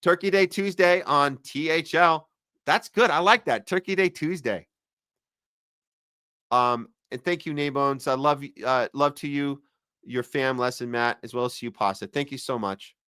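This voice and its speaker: Guy hosting a podcast stream, reading chat comments, bright clear voice, dry sound. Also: mid-range voice, moderate pace, dry recording. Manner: rambling, lots of fillers, jokey asides. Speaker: podcast host. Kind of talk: casual livestream chat, reading viewer comments.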